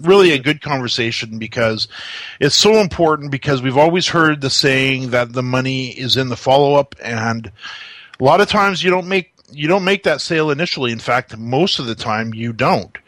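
Chatty male show host, bright forceful voice, dry close sound. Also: mid-range voice, lively intonation, moderate pace, no room sound. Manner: upbeat, chatty, rambling asides. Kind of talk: casual chat.

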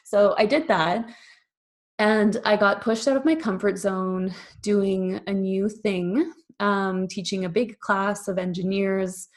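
A woman from Canada in her thirties, a podcast guest telling her story in an animated, casual way, full of "like" and acted-out quotes. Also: mid-range voice, takes it slowly. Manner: animated, acts out quoted voices, frequent fillers.

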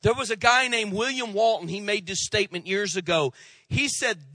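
Male pastor, bright tense preaching voice, dry close sound, dramatic swings from loud to hushed. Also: high voice, expressive, fairly quick, no echo. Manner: tells jokes and acts out quoted voices. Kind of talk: sermon.

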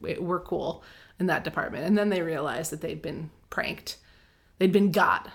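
A woman's voice: low-pitched, moderate pace, gravelly. Chatty woman hosting a book podcast. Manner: chatty, laughs often, reads passages aloud. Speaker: podcast host. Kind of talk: casual book recap chat.

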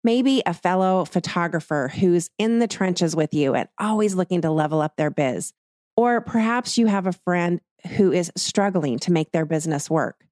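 A woman's voice: lowish voice, moderate pace, a little mellow, dry recording, studio quality. A middle-aged woman hosting a podcast, chatty and snarky, often acting out both sides of a conversation. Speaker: podcast host. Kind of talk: casual podcast interview.

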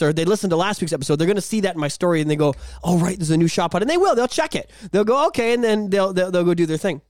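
A man's voice: high-pitched, dry recording, studio quality. A man co-hosting a casual podcast, ranting with swearing and frequent laughter. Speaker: podcast co-host.

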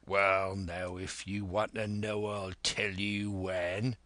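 Long John Silver, a man reading as a gruff pirate. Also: low-pitched, little pitch movement, slow, bright, forceful tone, dry recording, exaggerated voice. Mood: persuasive. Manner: gruff, persuasive, old seafaring dialect. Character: scheming one-legged pirate cook, older man.

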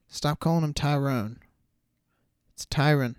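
A young man hosting a casual combat sports podcast, animated and incredulous, swearing freely. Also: on the high side, brisk, no room sound, studio quality. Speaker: podcast host.

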